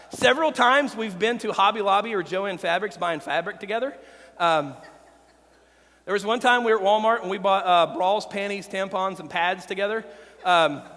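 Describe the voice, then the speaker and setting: A man's voice: high-pitched, sharp tone, big-room sound. A man preaching a sermon as pastor, candid and emotional, sharing personal stories with his congregation.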